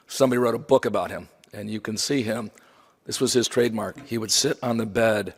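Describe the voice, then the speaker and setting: A man's voice: lowish voice, vocal fry, breathy edge. A man giving a memorial lecture from slides, conversational with wry asides. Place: lecture hall. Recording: long hall reverb.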